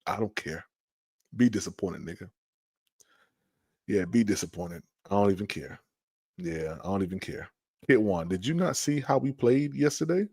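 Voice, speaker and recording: A man hosting a casual sports livestream, talking back to the chat in an exasperated, animated way. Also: on the low side, normal speed, long pauses, slightly rough, no room sound, clean studio sound. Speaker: podcast host.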